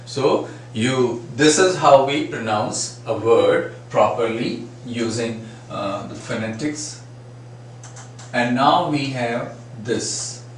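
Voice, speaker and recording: A man's voice: medium pitch, takes it slowly. A man teaching phonetics, patiently repeating sample words to demonstrate each sound. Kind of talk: classroom lecture. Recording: very echoey room, far from mic, faint noise.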